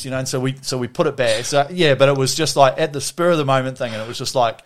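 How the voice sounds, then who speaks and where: A man's voice: medium pitch, fairly quick, hardly any pauses, fairly bright tone, a little hiss or hum. A man with a New Zealand accent telling stories in casual chat, rambling and laughing often.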